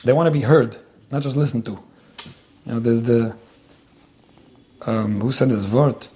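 A man's voice: medium pitch, unhurried, warm tone, a little hiss or hum. A man giving earnest, conversational marriage advice to a couple.

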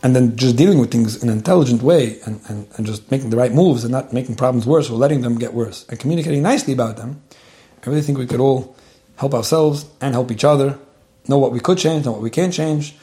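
A man, seemingly a rabbi, giving an earnest spoken lesson on marriage, gently repeating words as he thinks aloud. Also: medium pitch, quick pace.

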